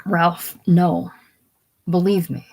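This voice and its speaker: A reader doing a sweet young Texas wife, drawling softly and speaking with prim dignity. She stays earnest and proper. The voice sits at a middling pitch. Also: slow pace. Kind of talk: casual solo play reading.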